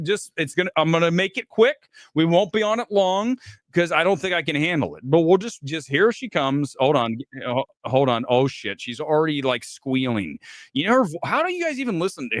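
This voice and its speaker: Loud, animated man hosting a live show. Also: fairly high pitch, no room sound, clean studio sound. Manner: laughing hard, profane and animated. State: crying with laughter. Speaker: live movie review show host. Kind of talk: live-stream commentary.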